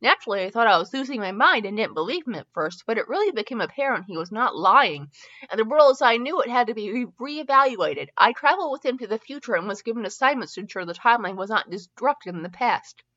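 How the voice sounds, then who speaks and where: A woman's voice: a little high, lively intonation, quick pace, a bit bright, dull audio. A woman hosting a show where she reads fanfiction aloud, often tripping over words and laughing at herself between passages. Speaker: podcast host reading fanfiction aloud. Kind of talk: reading a story aloud with comic asides.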